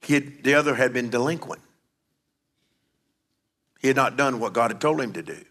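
A man preaching a sermon, rising to emphatic calls and dropping low to tell stories. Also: expressive, normal speed, fairly bright tone. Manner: emphatic preaching with sudden drops to a low confiding voice. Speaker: pastor.

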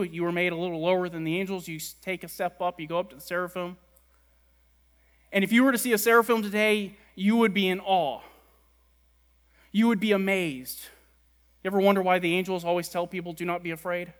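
A man preaching a sermon, stressing words by repeating them and letting key lines fall quiet and low. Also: fairly even intonation, fairly quick, pauses often. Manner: emphatic, repeats words for stress, drops soft at ends. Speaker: pastor.

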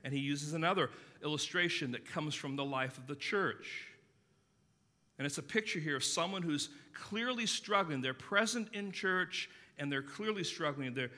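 A man preaching a sermon as pastor, earnestly stressing key words and dropping his voice low to tell stories. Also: a little slow, pushed and bright, big-room sound. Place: church sanctuary.

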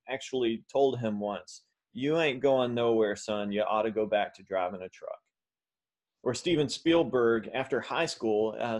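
A man preaching a sermon, his voice sitting at an ordinary middle pitch. He talks in an animated, conversational way, with the odd filler and restart. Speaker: pastor.

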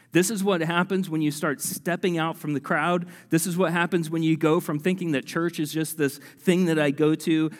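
Male pastor, mid-pitched, casual, animated sermon delivery, echoey hall. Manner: conversational, animated, self-deprecating, with many fillers.

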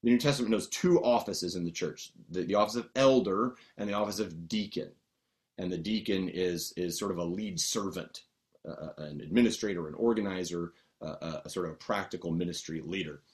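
A man with a fairly low voice gives a teaching sermon. He talks conversationally, often pausing on fillers and restarting phrases as he walks through Greek terms patiently. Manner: explains Greek words patiently. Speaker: pastor.

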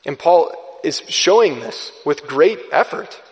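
A man preaching a sermon in a church, earnest and measured, sometimes restarting his words. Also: a little high, animated, in a large hall. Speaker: pastor. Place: church sanctuary.

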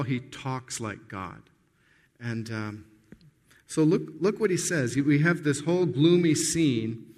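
Earnest preacher in a reverberant hall. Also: male voice, on the high side. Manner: conversational and earnest, with hesitant restarts. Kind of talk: sermon.

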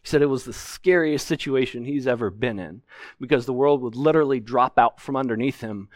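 A man's voice: mid-range voice, brisk, no room sound, clean studio sound. A man preaching a sermon from a pulpit, explaining scripture earnestly and with emphasis. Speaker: pastor. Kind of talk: expository sermon. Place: church sanctuary, at a pulpit.

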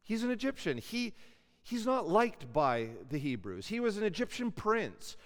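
A man's voice: high voice, big pitch swings, normal speed. A man giving a classroom Bible lecture in a conversational way, putting questions to his students. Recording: long hall reverb.

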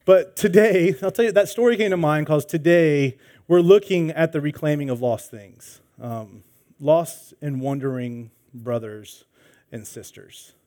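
A man preaching a sermon as pastor, opening with a lively personal story and acting out the voices in it. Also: fairly high pitch, unhurried. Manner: animated storytelling, acts out voices.

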